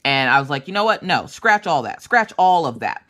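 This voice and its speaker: A woman's voice: low-pitched, normal speed. A woman hosting a craft vlog from her home craft room, telling family stories in a casual chat with lots of acted-out voices. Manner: animated, acts out family members' voices. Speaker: craft channel host.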